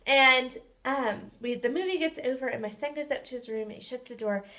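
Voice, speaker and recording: High-voiced animated woman storyteller. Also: fairly quick. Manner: animated storyteller, acts out quotes. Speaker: podcast co-host, mother. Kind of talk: casual faith conversation.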